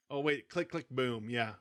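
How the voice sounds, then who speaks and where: A man's voice: mid-range voice, no echo. Casting note: easygoing male podcast co-host, mid-range voice, dry close sound. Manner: laughing, reads out listener votes. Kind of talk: casual chat.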